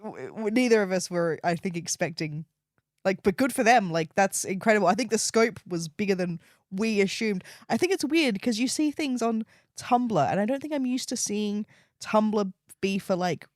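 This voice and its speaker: Co-host: woman, mid pitch, thoughtful, measured explaining, dry close recording. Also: expressive, no room sound. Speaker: podcast co-host. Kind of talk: casual chat.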